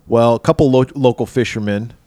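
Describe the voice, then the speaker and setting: A man's voice: mid-range voice, a little fast, mellow, no echo. A man co-hosting a podcast, animatedly retelling movie scenes in casual chat, acting out lines and laughing often. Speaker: podcast co-host.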